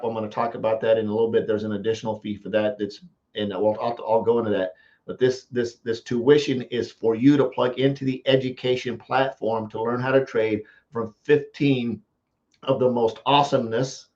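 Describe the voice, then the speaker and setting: A man from the United States, a marketing coach, giving a casual live-stream pitch and repeating phrases for emphasis. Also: steady tone, normal speed, darkish tone, lo-fi sound.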